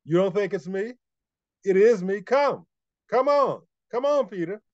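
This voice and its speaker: A steady, reassuring Jesus calls out from the water, as a preacher puts him on in his sermon. The voice sits a little high for a man and urges with emphasis. The recording is dry and slightly dull. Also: slow pace, dry recording. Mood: urging. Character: calm reassuring male Jesus calling from the water.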